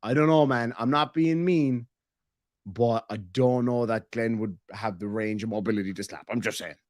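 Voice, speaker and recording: A man from Ireland reads member messages on a casual reaction stream, his medium-pitched voice darkish in tone and delivered at a normal speed. The chat is joking, crude and meandering, recorded in clean studio sound without room noise.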